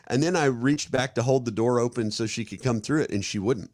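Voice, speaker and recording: A man's voice: mid-range voice, fairly quick, few pauses, no echo, studio quality. A man from the American Midwest co-hosting a podcast, talking casually and rambling with many restarts as he acts out everyday scenarios. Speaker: podcast co-host. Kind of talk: casual conversational discussion.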